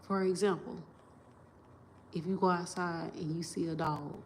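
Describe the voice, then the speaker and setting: A woman with a fairly low, steady voice speaks at a measured pace, a little hiss or hum audible. Facing her phone camera for a livestream, she goes on in a rambling, profane, emphatic way, often repeating herself and starting sentences over.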